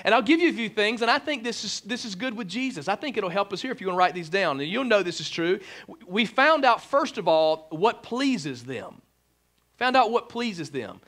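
A man preaching a humorous sermon as pastor, joking with the congregation and using lots of "like" and "right?". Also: high-pitched. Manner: joking, animated, fillers like "like" and "right?". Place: church sanctuary.

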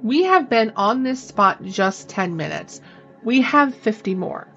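A woman voicing a courteous, coolly firm young gentleman in a storybook reading. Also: fairly high pitch, animated, a little slow, highs cut off, soft background music, full character voice. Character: courteous young male master, cool, firm.

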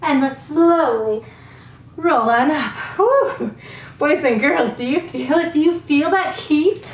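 A woman's voice: high voice, a little slow, recorded from a distance. A woman teaching a children's yoga class, giving encouraging sing-song cues and a little out of breath. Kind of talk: guided kids' yoga class. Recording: roomy, off-mic with faint music.

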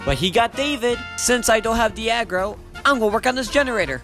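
A young gamer giving excited, profane commentary while playing, taunting the opponent. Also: medium pitch, fast talker, over music. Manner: excitable, swears a lot, taunts the enemy. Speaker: gamer doing live commentary. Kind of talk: casual gameplay commentary.

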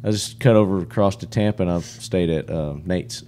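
A man hosting a podcast, introducing guests at a trade show in relaxed, casual banter. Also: deep voice, brisk. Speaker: podcast host.

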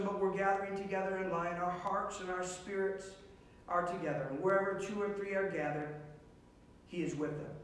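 High-voiced pastor in an echoey room. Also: male voice, far from the mic, slight background noise. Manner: earnest, emphatic repetition. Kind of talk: sermon.

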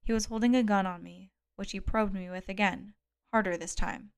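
A woman reading a thriller audiobook aloud in a measured, calm storytelling manner. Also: mid-range voice, vocal fry, smooth. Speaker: audiobook reader. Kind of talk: scripted narration.

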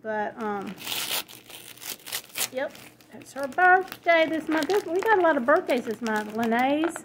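A woman's voice: sits high, animated, takes it slowly, slight background noise. A woman, chatting at home as she opens happy mail, gushing and easily delighted. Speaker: crafting vlogger opening happy mail. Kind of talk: casual chat. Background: paper crinkling, dogs in the house.

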